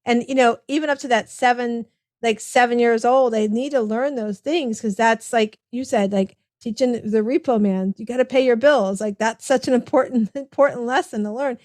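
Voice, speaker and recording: A middle-aged woman hosts a relaxed podcast chat, agreeing warmly and wandering into asides. Her voice is fairly high and the recording is close and dry, with no room sound. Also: moderate pace, dry recording. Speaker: podcast host. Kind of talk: casual interview chat.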